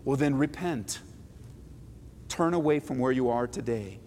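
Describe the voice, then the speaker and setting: A man pastor preaching a sermon, shifting between forceful emphasis and hushed, quiet pleading. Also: mid-range voice, expressive, measured pace, big-room sound, slight background noise. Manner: dynamic, swings from forceful to hushed.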